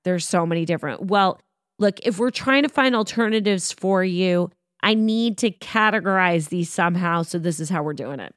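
A woman's voice: mid-range voice, a bit bright, no room sound, studio quality. Opinionated middle-aged woman explaining wine. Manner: opinionated, knowledgeable, talks in quick asides. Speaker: wine podcast host. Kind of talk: casual explanatory chat.

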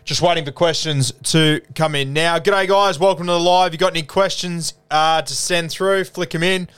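A man's voice: fairly high pitch, fairly even intonation, moderate pace, a bit bright, clean tone. A young Australian man hosting a casual live Q&A, laid-back and chatty, calling everyone mate. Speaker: podcast host.

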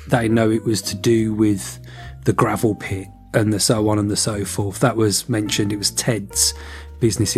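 A man with a lowish voice talks in a loose, rambling way, stopping to act out snippets of dialogue. Faint music plays beneath him. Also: darkish tone. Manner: rambling, acts out dialogue with quick voice switches. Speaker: podcast co-host. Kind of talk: casual chat.

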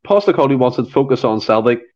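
A man's voice: medium pitch, lively intonation, fast, a little mellow. Worked-up Scottish man, dull sound. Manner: worked-up, emphatic. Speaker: podcast panelist. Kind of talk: casual football chat.

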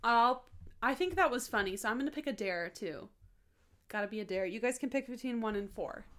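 A woman's voice: on the high side, lively intonation, fairly quick, a bit bright. A woman co-hosting a podcast in casual chat, chatty and laughing often. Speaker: podcast co-host.

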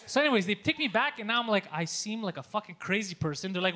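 A man telling a story on a podcast in a casual, animated way, swearing a lot and acting out his own yelling. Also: high-pitched, fast talker. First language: Greek. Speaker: podcast co-host.

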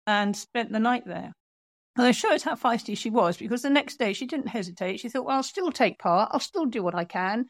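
A woman author telling an animated story in an interview, acting out the people she quotes. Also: fairly high pitch, no echo. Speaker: author and guest.

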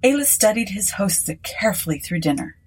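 A woman narrating a story in a measured, unhurried way with a breathy voice. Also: fairly low pitch, expressive, low-quality recording.

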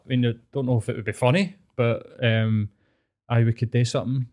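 A man's voice: medium pitch, steady tone, fairly quick, darkish tone. A Scottish man in his thirties co-hosting a podcast, chatting in an easygoing, sweary way. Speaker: podcast co-host. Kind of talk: casual chat.

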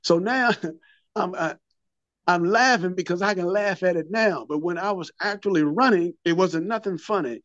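Man telling a story, higher voice, stammering restarts, dull dry lo-fi sound. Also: normal speed, a bit bright, no room sound. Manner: vivid storyteller, repeats words and restarts, acts out quotes. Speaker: guest telling his recovery story. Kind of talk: storytelling interview.

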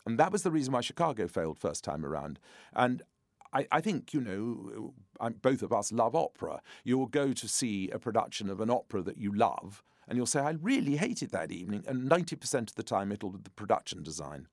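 Older man with a deep, dry voice. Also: very animated, a little fast, darkish tone, no room sound. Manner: frank, reflective, anecdotal. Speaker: composer, interview guest. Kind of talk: conversational interview.

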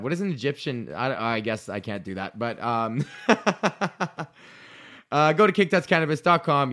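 A man's voice: mid-range voice, animated, normal speed, a bit bright. A man hosting his own podcast alone, rambling casually with a loose, profane, self-correcting manner. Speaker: podcast host. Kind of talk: casual solo podcast rant.

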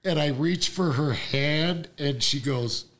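Animated storytelling man. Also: on the high side, takes it slowly. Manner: animated storyteller, acts out quoted voices. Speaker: guest. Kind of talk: storytelling in casual chat.

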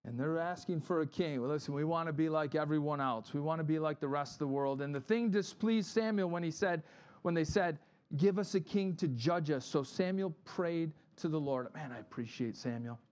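A man's voice: fairly high pitch, fairly quick, smooth. A middle-aged man, a pastor, giving a conversational sermon and acting out the people in his stories. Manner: animated storytelling, acts out quotes.

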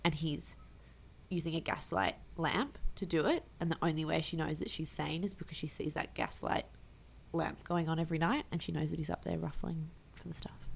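Brief: female co-host, low-ish gravelly voice, animated casual storyteller. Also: moderate pace, a little hiss or hum. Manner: animated storytelling with many fillers. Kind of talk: casual chat.

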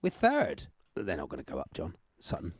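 A man co-hosting a podcast as a comedian, chatting casually in an excitable, jokey way. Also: low voice, brisk, husky, dry recording, studio quality. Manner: excitable, jokey, often laughing. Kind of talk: casual chat.

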